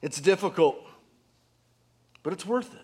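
Slow, high-voiced man preaching a sermon. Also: lively intonation, breathy edge. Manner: earnest preaching, rises and drops to hushed emphasis; rhetorical questions to the congregation. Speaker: pastor.

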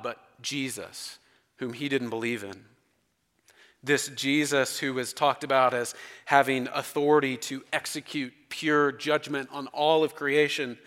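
A man preaching a sermon with emphatic delivery and dramatic swings between quiet and loud. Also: a little high. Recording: long reverb of a large hall.

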